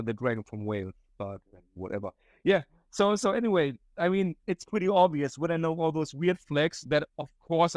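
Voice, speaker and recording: A man's voice: fairly high pitch, no echo. A young German man with a German accent, rambling through a casual solo podcast story, swearing and laughing often. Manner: rambling, profane, laughs often, acts out quotes. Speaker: podcast host.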